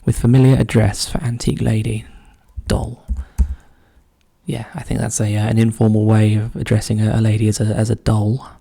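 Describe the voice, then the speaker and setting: A man solving a cryptic crossword out loud, musing slowly and often muttering clues under his breath. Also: fairly low pitch, completely flat delivery, vocal fry, breathy edge. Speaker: crossword solver. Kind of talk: thinking aloud while solving a puzzle.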